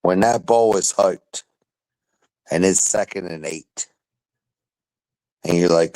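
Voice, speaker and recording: Profane, ranting young man, low voice. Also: slow, pauses often, rough recording. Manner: loud, profane football rants. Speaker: podcast panelist. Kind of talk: casual chat.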